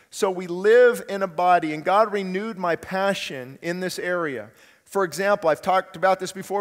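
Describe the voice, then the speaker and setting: Earnest male pastor in echoing church. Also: high-pitched. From California, USA. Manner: earnest, conversational preaching with rhetorical questions. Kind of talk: sermon. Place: church sanctuary. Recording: long church hall reverb.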